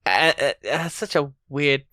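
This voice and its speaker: A man's voice: on the high side, measured pace, pushed and bright, dry recording. A man co-hosting a podcast, chatting casually and laughing often as he rambles. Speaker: podcast co-host.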